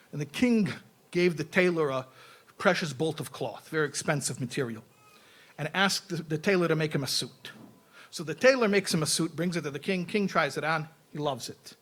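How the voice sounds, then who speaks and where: Man, rabbi, Torah lecture, animated, restarts with repeated words, slightly high voice. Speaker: rabbi teaching.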